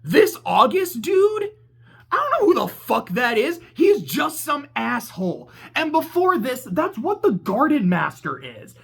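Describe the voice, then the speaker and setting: A game reviewer ranting in a casual video essay, excitable and profane, rambling and laughing at their own tangents. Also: sits high, unhurried, vocal fry, breathy edge. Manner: laughs mid-sentence and corrects itself.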